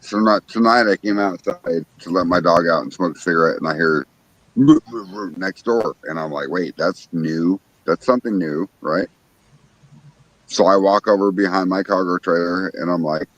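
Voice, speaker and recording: A man's voice: low voice, brisk, fairly bright tone, no echo, low-quality recording. A man hosting a casual livestream, telling a profane story about his backyard and acting out what other people said. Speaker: livestream host. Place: outdoors in his backyard at night.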